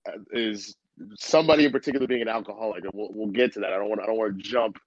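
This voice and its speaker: A comedian in his early thirties guests on a casual podcast, telling stories with loads of energy, swearing, and frequent laughter. His lowish voice races along with no room sound, and the remote audio is dull and muffled.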